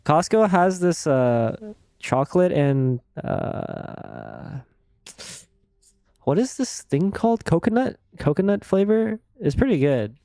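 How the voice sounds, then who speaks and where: A man's voice: on the high side, wildly swooping pitch, slow pace, creaky, dark tone, no echo. A man live-streaming a game, chatting casually and crudely with his audience in a rambling way. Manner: rambling, crude, laughs easily.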